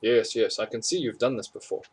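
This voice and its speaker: A man voicing a booming older male museum egg collector who explains things slowly and repeats his words. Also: husky, natural voice. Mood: instructive.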